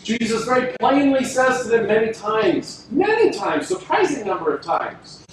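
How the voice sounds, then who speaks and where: A man with a high voice preaches a sermon, stretching out words and pausing for emphasis, sometimes acting out quoted lines. He sounds set back from the mic in a very echoey church hall. There is a faint hiss behind him. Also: very animated. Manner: emphatic, dramatic pauses, acts out quoted lines. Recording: echoey room from a distance with faint noise.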